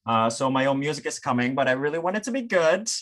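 A Dutch man from the Netherlands, a drag performer, appears as a podcast guest, chatting casually and eagerly with lots of fillers. His medium-pitched voice swings widely in pitch, moves quickly and sounds fairly bright, carrying a Dutch accent.

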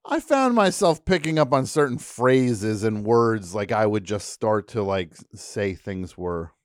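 Animated low-voiced man, dry studio mic. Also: measured pace, dry recording. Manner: animated storyteller, slips into silly put-on voices and accents. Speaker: radio show host. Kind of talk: casual studio chat. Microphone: studio microphone.

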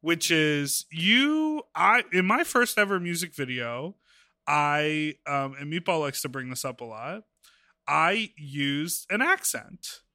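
Bright-voiced man hosting a podcast. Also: on the high side, lively intonation, takes it slowly, no room sound, studio quality. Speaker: podcast host. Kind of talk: casual interview chat.

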